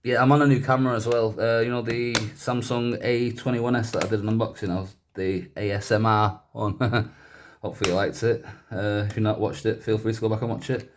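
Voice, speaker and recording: A man with a lowish voice chats his way through taking a gadget apart. He rambles and keeps stopping to correct himself. His manner stays relaxed and offhand. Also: fairly quick, hardly any pauses, background noise. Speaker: YouTuber doing a gadget teardown. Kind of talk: casual teardown commentary.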